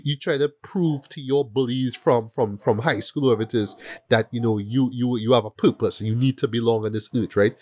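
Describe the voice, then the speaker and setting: Animated man ranting about films. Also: mid-range voice, no room sound, clean studio sound. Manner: animated, repeats words and asks "right?" often. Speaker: film review podcast host. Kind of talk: casual film review chat.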